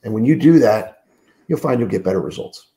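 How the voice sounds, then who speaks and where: Groggy, gravelly man coaching on sales. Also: on the low side, lively intonation, brisk, warm tone. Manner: emphatic, repeats words, many fillers. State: groggy, sick voice. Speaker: sales trainer guest. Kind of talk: podcast interview, coaching talk. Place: room alone, remote call.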